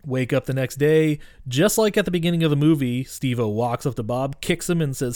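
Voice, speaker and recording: A man co-hosting a podcast, recapping a movie in casual, profane, animated chat. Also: medium pitch, brisk, hardly any pauses, no room sound, clean studio sound. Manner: profane, animated retelling of scenes. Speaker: podcast co-host.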